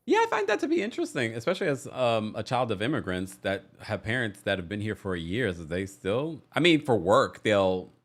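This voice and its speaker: An American man hosting a call-in show, his pitch swinging up and down as he chats. He talks in an animated, easygoing way and laughs often. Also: a little fast, few pauses. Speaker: podcast host taking callers. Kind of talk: casual call-in show chat.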